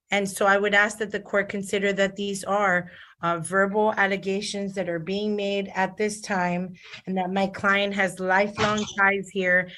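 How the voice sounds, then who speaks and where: A woman's voice: medium pitch, pushed and bright. A woman defense attorney arguing for her client over a video call, formal, with frequent "Your Honor" and fillers. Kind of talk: courtroom argument on video call.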